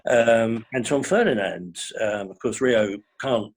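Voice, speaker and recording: Husky older man, wry storyteller. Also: medium pitch, unhurried. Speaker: guest fan. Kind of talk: casual chat.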